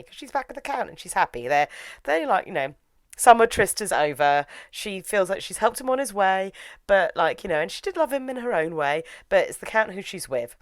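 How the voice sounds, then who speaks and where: A woman's voice: mid-range voice, sing-song, brisk, no echo, clean studio sound. A woman casually recapping a story's plot in a chatty way, full of "like" and "you know". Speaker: reviewer.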